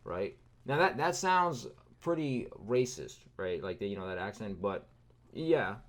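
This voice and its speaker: A man's voice: fairly low pitch, expressive, measured pace. A man in his thirties from California, telling a rambling, sarcastic story full of fillers and asides over gameplay. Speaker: gaming video creator.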